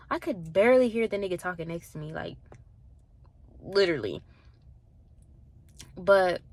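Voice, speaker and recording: A young woman in her twenties chatting casually at the gym, animated and full of "like", acting out the people in her story. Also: mid-range voice. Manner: animated, acts out voices in quotes, frequent "like" and swearing. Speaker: vlogger.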